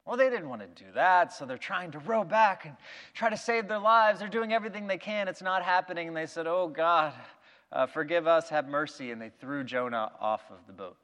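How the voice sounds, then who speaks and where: A male preacher with a high-pitched voice retells a Bible story with lively energy, acting out the quotes. A long reverb from a large hall hangs on his words. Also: brisk, dull audio.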